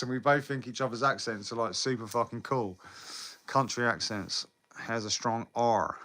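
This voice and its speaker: On a live stream, a young British man with a sharp, mid-range voice rambles casually and answers comments from viewers. Swearing comes often, and he laughs between lines.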